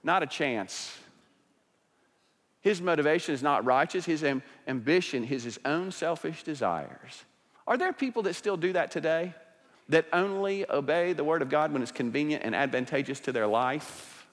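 A man preaching a sermon as pastor, emphatic, swinging between rising intensity and quiet asides. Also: a little high, expressive, moderate pace, long reverb tail.

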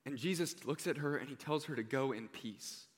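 A young man preaching a sermon, earnest and heartfelt, often dropping to a hushed voice on key points. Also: medium pitch, moderate pace. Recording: reverberant hall.

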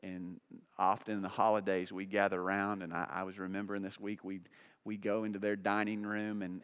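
A man preaching a sermon as pastor, swinging between loud emphatic peaks and hushed low passages, often repeating words for emphasis. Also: smooth.

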